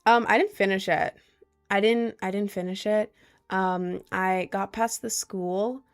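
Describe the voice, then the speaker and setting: Gravelly-voiced young woman rambling on stream. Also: medium pitch, fairly even intonation, unhurried. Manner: rambling, self-deprecating, giggly. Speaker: livestreamer reading chat. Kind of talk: casual livestream chat. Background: faint Celtic music.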